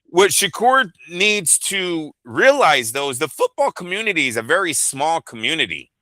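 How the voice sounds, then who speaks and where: A man's voice: a little high, sing-song, normal speed, pushed and bright, no echo, rough recording. A man co-hosting a boxing podcast, giving blunt, profane opinions in casual chat.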